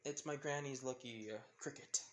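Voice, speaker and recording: A man voicing a young woman warrior disguised as a soldier in a fan-made story retelling, speaking in an unsure, halting way. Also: mid-range voice, fairly even intonation, lightly acted. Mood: nervous.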